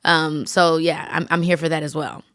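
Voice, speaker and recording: A woman host in her thirties leading a casual interview, lively, playful and full of slang. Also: low voice, moderate pace, no echo, clean studio sound. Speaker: podcast host.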